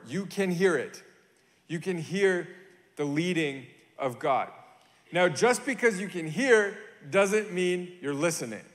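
A young adult man preaching a sermon in a church, animated, acting out quoted voices and repeating lines for emphasis. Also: on the high side, big-room sound. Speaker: pastor. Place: church sanctuary.

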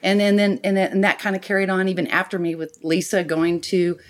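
A woman's voice: lowish voice, a little fast. A woman, a guest actress, telling anecdotes casually and animatedly, often laughing and acting out what others said. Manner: animated storyteller, laughs often, acts out quotes.

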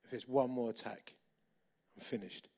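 A man's voice: mid-range voice, fairly even intonation, moderate pace, vocal fry, mellow, pitched below the performer's own voice. A man voicing a grave senior British air officer, speaking in a clipped English accent with a grim manner.

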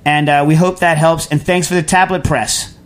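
A man's voice: a little high, fairly even intonation, moderate pace, clear, resonant tone. Chatty rambling man hosting a radio show. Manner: rambling, chatty, many fillers and restarts. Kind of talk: casual call-in answering.

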